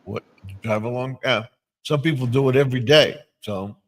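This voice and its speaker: A man's voice: medium pitch, moderate pace, fairly bright tone, poor audio. An older man hosting a live stream, chatting casually and rambling, with many restarts and fillers. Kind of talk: casual chat.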